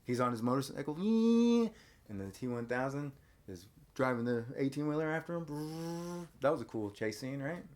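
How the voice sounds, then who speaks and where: A man hosting a casual podcast, animatedly retelling a film scene by scene and briefly acting out characters' lines in quick voices. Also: medium pitch, animated, a little mellow. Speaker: podcast host. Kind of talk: casual movie recap chat.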